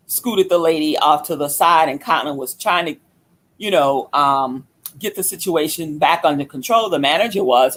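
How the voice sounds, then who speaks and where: A woman hosting a podcast, telling a story as a casual, animated, profane rant. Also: sits low. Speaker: podcast host.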